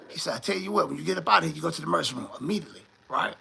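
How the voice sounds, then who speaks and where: Gravelly, bright-voiced man telling a story. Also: on the high side, racing, hardly any pauses. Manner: animated, profane, voices the people in his story. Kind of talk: casual storytelling.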